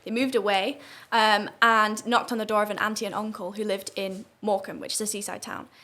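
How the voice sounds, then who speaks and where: A young woman with a northern English accent softened toward southern English. She talks fast as a guest in a casual interview, with many ums and restarts. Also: mid-range voice, fairly even intonation. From northern England. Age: young adult.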